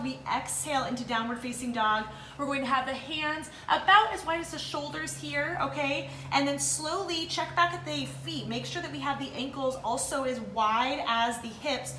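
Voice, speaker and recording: High-voiced woman guiding yoga, roomy echo. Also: pushed and bright, slight background noise. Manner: encouraging, cueing breaths. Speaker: yoga instructor. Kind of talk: guided yoga instruction.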